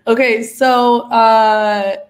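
A woman's voice: on the high side, level tone, drawn-out words. A woman hosting a livestream in casual chat, congested from a cold, chatty and laughing often with many fillers. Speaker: livestream host.

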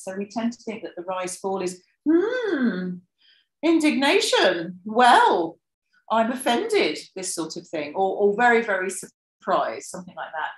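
A woman giving an academic workshop talk, lively and animated, with many fillers and asides and a rising, expressive delivery when she acts out examples. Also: low voice, roomy sound, poor audio. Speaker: lecturer presenting research. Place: lecture room.

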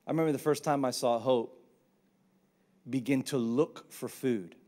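A man, preaching a sermon with animated, humorous storytelling. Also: mid-range voice, moderate pace. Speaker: pastor.

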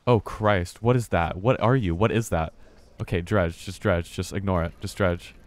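A man's voice: low voice, normal speed. A man streaming a game live, commenting casually, muttering to himself and swearing when startled.

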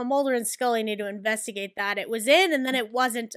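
A woman hosting a gaming video, giving casual gameplay commentary, excitable, swearing and yelling at the game. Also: medium pitch, moderate pace, over music.

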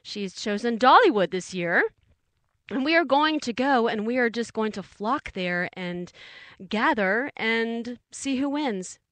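A woman's voice: on the high side, expressive, a little slow, a bit bright, no echo. Bubbly woman radio DJ. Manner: bubbly, chatty, playful slang. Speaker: radio show host. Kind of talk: casual radio DJ chat.

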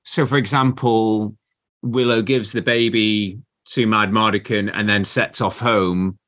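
Low-voiced man chatting about films. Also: steady tone, a little slow, a bit bright. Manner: hesitant, restarts often. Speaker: podcast co-host. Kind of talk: casual film chat.

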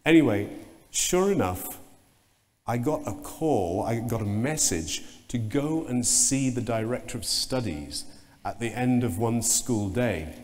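Lively man telling stories in a big hall. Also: medium pitch, a little slow, slight background noise. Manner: animated storyteller who mimics sounds and voices. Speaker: keynote speaker. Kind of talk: conference plenary talk with anecdotes. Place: large conference hall. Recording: long reverb of a conference hall.

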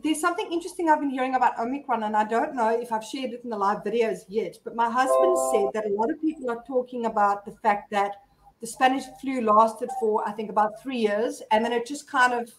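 A woman from South Africa hosts a casual live-stream chat with a fairly high voice. She talks in a chatty storytelling way and keeps the conversation moving. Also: fairly quick, poor audio. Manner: chatty storyteller, lively retold dialogue. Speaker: host.

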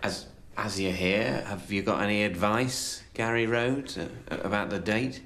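A man's voice: on the low side, a little slow, a bit bright. An actor playing a nervous man before a date, hesitant and stammering. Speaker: sketch character. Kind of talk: sketch comedy acting. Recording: clip with clear background noise.

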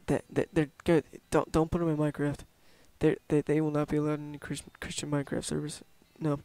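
A man's voice: on the high side, monotone, fast, warm tone, clean tone, no echo. A young man playing a game at home, casually reading its text aloud and swearing now and then. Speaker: gamer. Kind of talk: casual let's play commentary.

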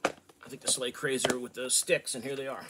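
An American man from the northeast hosts a fishing video, talking through his baits in a loose, easygoing way. His voice sits at an ordinary middle pitch. Faint noise and plastic crinkling sit under the speech. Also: moderate pace. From northeastern United States. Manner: relaxed, chatty, fillers and restarts. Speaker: fishing channel host. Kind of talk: casual product show-and-tell.

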